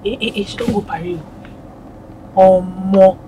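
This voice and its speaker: A woman with a Nigerian accent acting a ride-hailing driver, expressive and gossipy, switching between Yoruba and pidgin. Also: mid-range voice, moderate pace, heavy background noise. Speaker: comedy skit creator playing a ride-hailing driver. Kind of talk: comedy skit acting.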